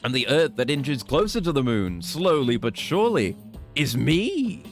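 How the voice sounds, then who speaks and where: A man putting on a pompous gentleman. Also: mid-range voice, big pitch swings, a little slow, soft background music. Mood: grandiose. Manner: grandiose, flowery, condescending. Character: pompous young English gentleman rival, haughty and theatrical.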